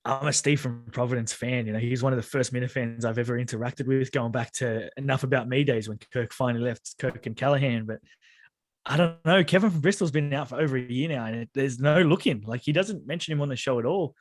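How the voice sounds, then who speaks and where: A man talking fast and casually as a podcast guest, swearing freely and laughing often. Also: mid-range voice, no echo, clean studio sound. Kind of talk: casual chat.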